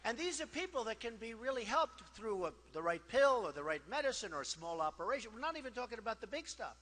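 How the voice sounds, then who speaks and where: A man's voice: very high voice, sing-song, fast talker, bright, forceful tone. A man giving a campaign rally speech in a boastful, repetitive, conversational way, with many asides. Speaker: political candidate. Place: large rally hall. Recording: long hall reverb from PA.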